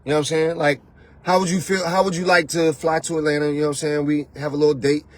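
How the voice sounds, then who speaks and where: A man hosting his own show, ranting loudly and mockingly about dating, often slipping into soft mimicking voices. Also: on the high side, level tone, fast. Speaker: host. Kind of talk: animated rant to camera. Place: lives in Atlanta.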